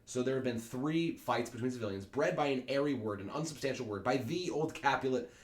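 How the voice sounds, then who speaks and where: A man's voice: mid-range voice, a little fast. A man teaching Shakespeare in a casual lesson, explaining plainly with fillers and paraphrasing each line. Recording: echoey room.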